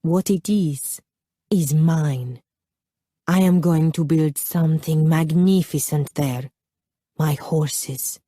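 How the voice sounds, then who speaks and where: Lady narrator doing a proud ambitious baron, earnest and calm, low mellow tone, dry close recording. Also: breathy edge, no echo, full character voice. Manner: earnest, persuasive, measured. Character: proud, ambitious young Spanish baron courting her.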